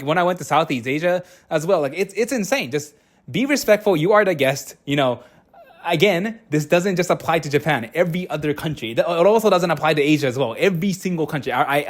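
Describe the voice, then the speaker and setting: A man in his twenties giving casual reaction commentary, blunt and exasperated, stumbling over restarts as he rants. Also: on the high side. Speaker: YouTube commentator.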